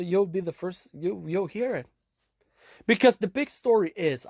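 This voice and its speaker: An earnest male podcast host speaks in a slightly higher than usual voice, rambling through motivational points. He repeats himself and restarts his sentences often, and the sound is dry and close to the mic. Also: dry recording. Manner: earnest, repetitive, with frequent restarts.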